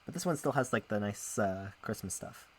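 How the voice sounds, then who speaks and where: With slight background noise behind him, a man with an expressive, lowish voice talks at normal speed. He's streaming as a VTuber, casually chatting with viewers as he plays and reads a visual novel, and he rambles and often interrupts himself.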